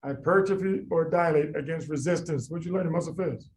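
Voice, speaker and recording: A man tutoring medical students in a lively class, quizzing them by name and repeating the key points. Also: on the high side, fast, rough recording. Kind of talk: lively classroom teaching with drills.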